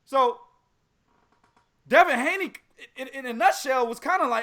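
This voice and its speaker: A man with a high, lively voice hosts a casual podcast chat, swinging his pitch widely as he jokes and laughs through profane trash talk. His tone is bright and sharp. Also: measured pace, long pauses. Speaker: podcast host.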